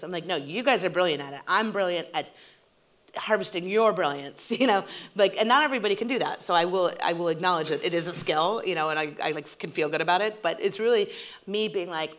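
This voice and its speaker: A woman's voice: on the low side, fast. A woman in her forties, a TV showrunner, telling stories in an onstage interview and acting out what people said. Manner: animated storytelling, acting out quotes. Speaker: TV showrunner and guest.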